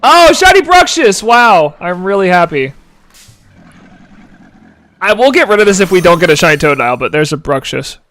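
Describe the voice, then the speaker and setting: A man's voice: high-pitched, a little fast, pauses often, a bit bright. A man in his twenties streaming a game live, chatting casually, giggling and answering chat aloud. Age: 20s. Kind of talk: casual gameplay commentary.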